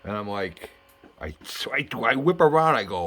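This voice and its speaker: Chatty excited man telling a story. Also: on the low side, normal speed. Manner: chatty, excitable, lots of fillers and restarts. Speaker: model building channel host. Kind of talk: casual vlog storytelling.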